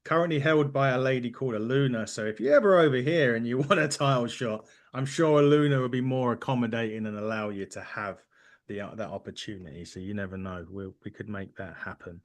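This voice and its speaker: Rambling podcast host. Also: male voice, mid-range voice, brisk. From United Kingdom. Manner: rambling, friendly, self-correcting. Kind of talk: casual interview chat.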